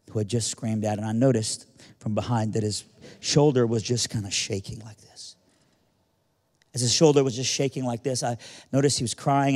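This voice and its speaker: Earnest American male speaker, mid-pitched, telling a story to a room with a long, echoing tail. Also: darkish tone. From United States. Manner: earnest, vivid retelling with repetitions. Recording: long reverb of a large hall.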